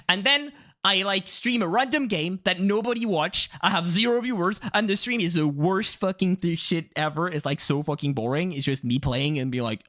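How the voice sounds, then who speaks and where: A man's voice: high-pitched, animated, normal speed, pushed and bright. Rambling young French-accented male streamer. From France. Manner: rambling and self-mocking, with frequent swearing and fillers; jumps into mock voices mid-sentence. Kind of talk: casual live-stream chat.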